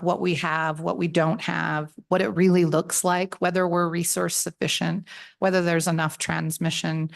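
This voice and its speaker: A woman giving friendly, conversational testimony to a legislative committee at a table microphone, often restarting her phrases as she explains. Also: lowish voice. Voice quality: gravelly. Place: legislative committee hearing room.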